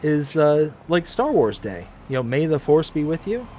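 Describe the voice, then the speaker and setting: A man hosts a relaxed gaming livestream, reading viewer messages aloud one after another in a cheerful, chatty way. His voice sits a little high for a man. A faint hiss runs under the recording. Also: moderate pace. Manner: reads viewer chat aloud, upbeat and friendly. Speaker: livestream host. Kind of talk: casual livestream chat reading comments. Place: home room, mostly packed up.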